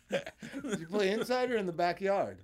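A man's voice: sits high, animated, measured pace, slight background noise. A man in his fifties, a podcast guest, telling easygoing anecdotes in casual chat and chuckling along.

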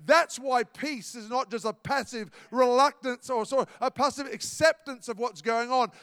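High-voiced pastor in a hall. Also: male voice, normal speed, hardly any pauses, fairly bright tone, clean tone. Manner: emphatic, repetitive preaching with storytelling. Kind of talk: sermon.

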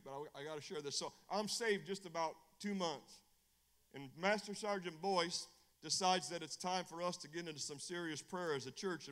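A middle-aged evangelist man preaching his testimony with a bright, forceful voice, on the high side for a man. He moves between hushed storytelling and loud bursts. The sound carries a long church reverb. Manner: animated preacher, swings from hushed storytelling to shouting. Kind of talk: testimony sermon.

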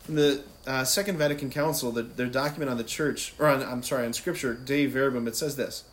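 A man giving an informal Catholic talk, animated and conversational, often laughing and asking "right?". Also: medium pitch, a little fast. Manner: laughs easily while talking. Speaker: Catholic speaker. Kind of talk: casual faith talk.

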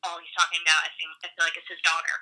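A woman's voice: low-pitched, completely flat delivery, very fast, a crowd in the background, low-quality recording. A young woman guesting on a podcast, chatting in a gushy, conversational way with lots of "like". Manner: gushy, conversational, says "like" often. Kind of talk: casual podcast chat.

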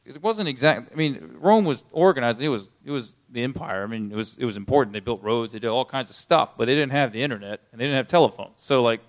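A man's voice: mid-range voice, quick pace, few pauses. Male preacher, mid-range voice, casual conversational sermon with emphatic peaks. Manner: conversational preaching, rising emphatic on key lines. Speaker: pastor.

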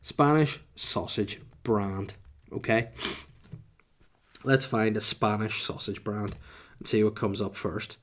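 A man's voice: on the low side, slow pace, long pauses. A man with a Northern Irish accent hosting a podcast, rambling jokily and mocking himself, sniffly from a cold. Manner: jokey, rambling, self-mocking. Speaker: podcast host. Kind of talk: casual rambling podcast chat.

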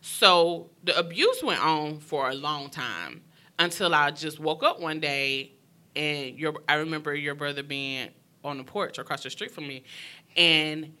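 Mulher jovem de voz muito brilhante, franca e emotiva. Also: female voice, low voice, pushed and bright. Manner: emotional, frank, quick bursts of speech. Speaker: guest sharing her story. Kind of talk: candid personal storytelling.

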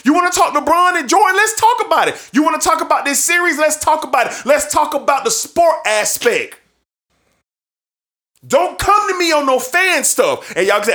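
A man's voice: very high voice, very animated, normal speed, pushed and bright. A man hosting a sports show, ranting emphatically and repeating his points for effect, with bursts of laughter between points. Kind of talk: sports opinion rant.

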